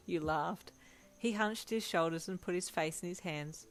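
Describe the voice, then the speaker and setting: Low-voiced woman narrating a story. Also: moderate pace. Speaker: fanfiction reader. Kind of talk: second-person story narration.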